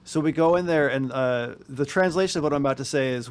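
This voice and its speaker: A man co-hosting a podcast, telling a self-deprecating anecdote in animated casual chat. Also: mid-range voice, fast talker. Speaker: podcast co-host.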